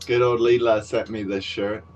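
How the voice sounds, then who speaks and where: A man's voice: fairly low pitch, flat delivery, moderate pace, darkish tone, a little hiss or hum, poor audio. A man vlogging outdoors near a construction site, rambling wryly and cursing freely into a handheld camera. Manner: profane, rambling and wry. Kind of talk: casual rambling monologue to camera.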